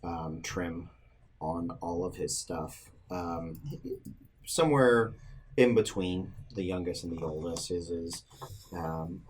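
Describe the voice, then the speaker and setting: A man narrating as game master in a tabletop game, describing scenes in a halting way with many pauses. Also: low-pitched, slight background noise.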